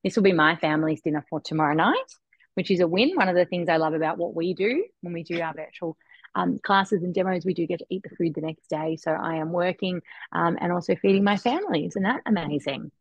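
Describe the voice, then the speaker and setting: Woman hosting a home cooking class, low-ish voice, chatty and upbeat, dry lo-fi mic. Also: fast talker, husky, no room sound. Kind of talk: live online cooking demo. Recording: dry, dull lo-fi sound.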